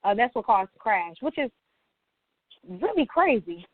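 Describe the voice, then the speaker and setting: A woman's voice: fairly high pitch, big pitch swings, measured pace, dry recording. A woman co-hosting a casual podcast, talking in a slangy, teasing way. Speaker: podcast co-host. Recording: tinny phone-line sound, dry.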